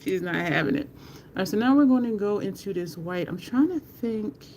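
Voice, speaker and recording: A woman's voice: mid-range voice, expressive, moderate pace, a little mellow, slight background noise. A middle-aged woman, chatting and laughing with her viewers as she does her makeup live. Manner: chatty, laughs often, greets viewers by name. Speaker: makeup livestream host. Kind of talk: casual livestream chat while doing makeup.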